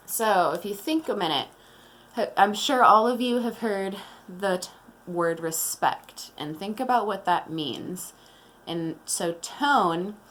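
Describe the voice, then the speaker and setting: A woman teacher leading a morning meeting lesson, explaining slowly and calmly to young children. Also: medium pitch, slight background noise. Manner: slow, calm and deliberate, explaining to young children.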